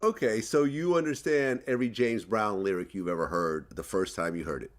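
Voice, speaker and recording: A man's voice: fairly low pitch, a little fast. A man in a casual debate who keeps challenging the other speaker with questions. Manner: challenging, pushes back with questions.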